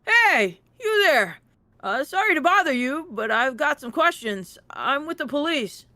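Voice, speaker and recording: A woman's voice: sits high, lively intonation, moderate pace, pushed and bright, a little hiss or hum. A woman voicing an earnest young female police detective in a game read-through. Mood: eager. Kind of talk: voicing game characters aloud.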